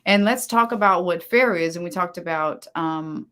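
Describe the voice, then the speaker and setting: A woman with a fairly low voice hosting an interview and coaching her guest. She asks careful, probing questions, building them up step by step. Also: normal speed, sharp tone, smooth. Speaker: host, relationship coach.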